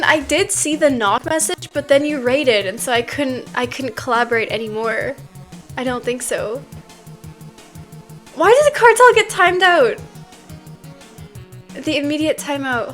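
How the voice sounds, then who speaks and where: Woman streamer, high voice, unhurried and drawn-out, laughs a lot while chatting. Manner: giggly, laughs often between sentences; chatty, drawn-out, loose with fillers. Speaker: streamer greeting chat. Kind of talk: casual stream chat.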